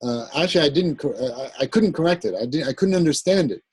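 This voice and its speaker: A man's voice: on the high side, expressive, fast, a little mellow, husky, dry recording, low-quality recording. A man teaching an Arabic grammar class, explaining step by step and often checking with the class. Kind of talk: classroom lecture.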